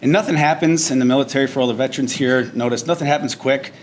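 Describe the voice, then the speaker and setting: A veteran man giving a storytelling speech at a breakfast event, animated and conversational, mixing quick and slow phrasing. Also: mid-range voice, a little hiss or hum. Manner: animated storyteller, acts out shouted drill instructor lines. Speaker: veteran speaker. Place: banquet hall at a veterans breakfast.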